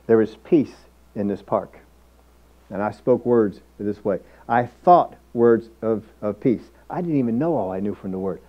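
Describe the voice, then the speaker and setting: A man's voice: medium pitch, lo-fi sound. A man preaching a sermon as pastor, emphatic and repetitive, often acting out inner thoughts.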